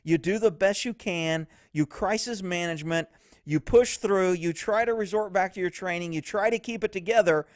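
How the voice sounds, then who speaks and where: A man's voice: high-pitched, normal speed, no room sound, studio quality. A man giving blunt, profane casual commentary on police footage. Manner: blunt, profane, laughs easily.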